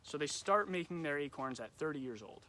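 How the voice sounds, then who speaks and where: A man's voice: fairly high pitch, animated, fairly quick, bright, forceful tone. Young guy doing kids nature trivia on a live stream, easygoing, lots of ums, bit of hiss behind. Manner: chatty, loose, lots of ums. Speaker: nature center camp educator. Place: nature center. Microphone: phone or camera on a live stream.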